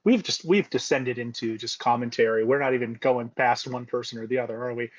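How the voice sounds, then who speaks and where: A man's voice: medium pitch, a little fast. Man with a muffled casual voice. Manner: relaxed storytelling with fillers. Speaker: podcast co-host. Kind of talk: casual chat.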